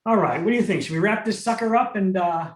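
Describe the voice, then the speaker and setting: A man's voice: high-pitched, quick pace, distant mic, a little hiss or hum. A middle-aged man co-hosting a podcast, bantering in a wry, playful way. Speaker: podcast co-host. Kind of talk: casual chat. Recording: roomy, off-mic sound.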